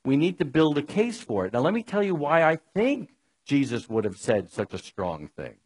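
Husky-voiced New preacher. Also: male voice, fairly high pitch, huge pitch swings, normal speed, poor audio. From New York. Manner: chatty, wry, talks straight to listeners. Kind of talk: conversational sermon.

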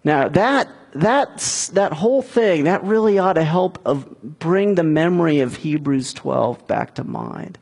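A middle-aged man preaching a sermon, retelling a scripture story and giving the characters' lines in a raised, animated voice. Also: fairly high pitch, a little slow, vocal fry, few pauses, breathy edge. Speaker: pastor.

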